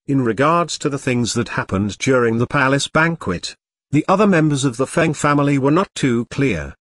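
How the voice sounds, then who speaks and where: Steady male audiobook narrator, dry sound. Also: medium pitch, normal speed, dry recording. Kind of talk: scripted narration.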